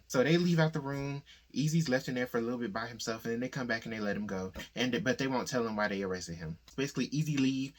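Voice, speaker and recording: Male book-discussion host, middle pitch, relaxed conversational plot recap that dips into characters' quoted lines. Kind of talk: casual plot summary.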